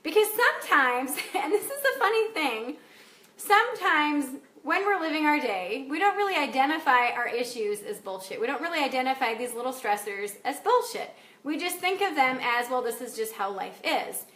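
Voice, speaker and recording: A woman coach speaks to her live viewers in a loose, chatty way, laughing often and swearing without fuss. Her voice sits high. The room gives it a noticeable echo. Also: expressive, moderate pace, a bit bright. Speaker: life coach. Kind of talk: casual live video talk. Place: home in Wisconsin.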